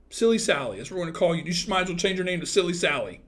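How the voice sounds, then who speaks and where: Brief: man in his thirties, slightly high voice, hosts a loose livestream, roasts his chat, loud outbursts then low mutters. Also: very animated, racing. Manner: crude, teasing, joking with chat; swings from loud outbursts to mumbled asides. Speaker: livestream host chatting with viewers.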